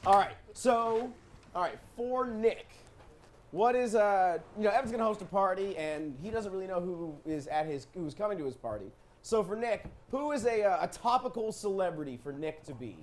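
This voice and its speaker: A man's voice: high voice, moderate pace. A man hosting a live improv comedy show, joking and laughing as he sets up the games. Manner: joking, animated, laughing often.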